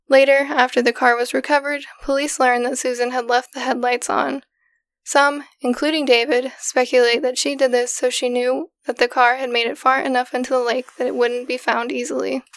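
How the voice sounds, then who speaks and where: A woman podcast host recounting a case in a steady, matter-of-fact way, in casual storytelling style. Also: high-pitched, dry recording. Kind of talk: casual true-crime storytelling.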